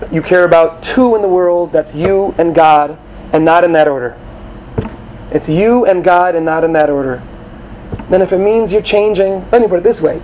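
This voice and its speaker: A man giving an animated sermon to young students, acting out quoted voices and sprinkling in Hebrew terms. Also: sits high, slight background noise, poor audio. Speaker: rabbi or teacher addressing students.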